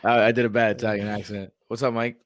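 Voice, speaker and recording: A man's voice: fairly low pitch, little pitch movement, fast. A man co-hosting a podcast in casual, slangy, rambling chat. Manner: slangy, laid-back, rambling. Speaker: podcast co-host, teacher.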